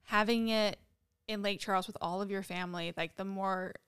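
A woman's voice: mid-range voice, fairly even intonation, moderate pace, fairly bright tone, smooth. A woman co-hosting a podcast in casual chat, hesitant and full of fillers. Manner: hesitant, filler-heavy, trailing off. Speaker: podcast co-host.

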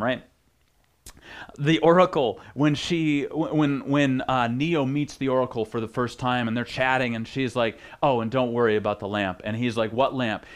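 Male pastor, mid-pitched, conversational sermon full of asides and restarts. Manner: chatty, joking asides, many restarts. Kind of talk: casual sermon teaching.

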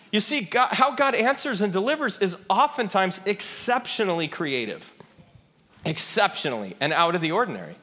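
A man preaches in a conversational, storytelling sermon. His voice sits high for a man and has a bright, forward edge. He keeps checking in with the crowd with quick questions. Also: big pitch swings, big-room sound. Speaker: pastor.

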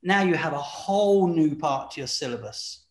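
A man in casual conversation who talks in an animated way, acting out quoted voices and laughing often. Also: a little high, normal speed. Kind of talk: casual chat. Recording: echoey room.

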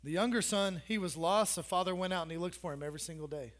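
Man, pastor, very high voice, conversational sermon, teasing asides. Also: fast, fairly bright tone.

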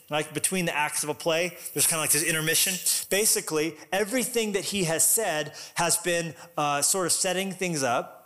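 A man preaching a sermon in a lively, conversational way. His voice sits a little higher than most men's. He breaks into loud, emphatic runs. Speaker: pastor.

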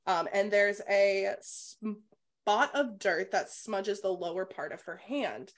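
Woman co-host, casual book chat, animated retelling, cusses freely, middle-pitched voice. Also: slow. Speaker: podcast co-host.

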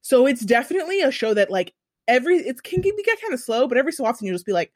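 Young woman podcast host, casual storyteller, lively and profane, dry close sound. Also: high-pitched, very fast, no echo. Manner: animated, profane storytelling with asides. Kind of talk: casual chat.

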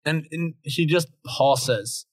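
A man narrating as game master, in slow, halting speech with repeated words. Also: on the high side, dry recording.

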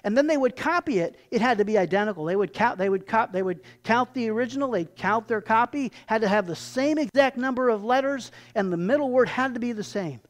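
A pastor preaching a sermon with animated storytelling and emphatic turns. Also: mid-range voice, a little fast, hardly any pauses.

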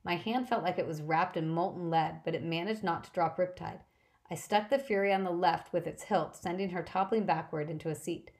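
A woman reading an adventure novel aloud as an audiobook narrator, with a lowish voice. Her first-person telling is brisk and lively.

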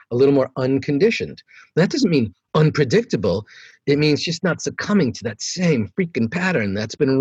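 A meditation teacher from New York talks as a guest on a podcast, his voice a little husky and recorded close and dry. He speaks at a medium pitch, relaxed and chatty, and he jumps into a higher voice whenever he acts out the people in his stories. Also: no echo, muffled recording. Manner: animated storyteller who acts out quoted dialogue in a higher voice. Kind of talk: relaxed storytelling conversation.

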